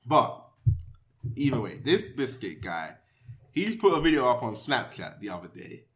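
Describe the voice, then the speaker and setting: A man's voice: medium pitch, very animated, normal speed. A young man, hosting a casual podcast and telling provocative, rambling jokes. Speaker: podcast host.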